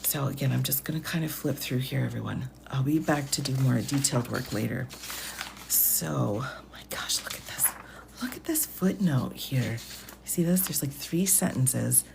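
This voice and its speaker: Woman, very deep voice, gravelly, hushed half-whisper, live stream at home, faint hiss behind. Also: normal speed. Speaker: legal commentator. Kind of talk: soft ASMR-style live stream talk. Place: home at night. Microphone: phone.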